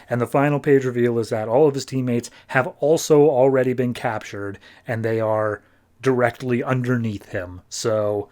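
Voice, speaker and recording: A man's voice: medium pitch, steady tone, normal speed, darkish tone. A man hosting a podcast, casually recapping a comic book story and paraphrasing the characters in a chatty way. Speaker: podcast host.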